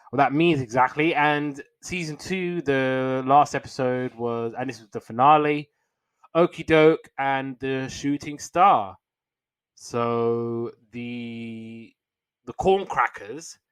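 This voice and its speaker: A man's voice: medium pitch, fairly bright tone, clean tone, no echo. A young man hosting a podcast, casually retelling old cartoon episodes in a rambling way with fillers and restarts.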